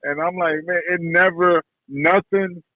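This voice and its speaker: A man who trains boxers tells stories about his mentor in a relaxed, slangy way, often repeating himself. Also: high-pitched, measured pace, no room sound. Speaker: boxing trainer, guest. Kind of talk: casual interview talk. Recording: dull podcast audio, dry.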